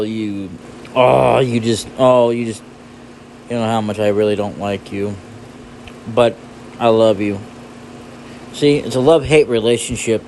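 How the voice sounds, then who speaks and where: A goofy man in casual gameplay commentary, rambling to himself and humming bits of nonsense. He talks slowly and takes his time, with a faint hum of air conditioning behind him. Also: on the low side, darkish tone. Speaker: gaming channel host.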